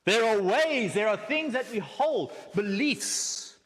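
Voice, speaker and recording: A man's voice: sits high, animated, slow, fairly bright tone. A South African man giving a church teaching talk with slides, joking and asking the room rhetorical questions. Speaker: guest speaker. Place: church hall. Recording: echoey hall.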